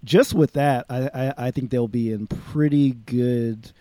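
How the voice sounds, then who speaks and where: Dark-voiced rambling podcast guy. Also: medium pitch, steady tone, measured pace, no room sound. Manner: rambling, many restarts and fillers. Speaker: podcast co-host. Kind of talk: casual podcast chat.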